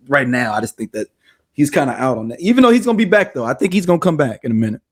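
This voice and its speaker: A man's voice: medium pitch, rapid-fire. A man hosting a podcast, joking and telling stories in loose, casual chat. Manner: loose, joking, animated storytelling. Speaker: podcast host.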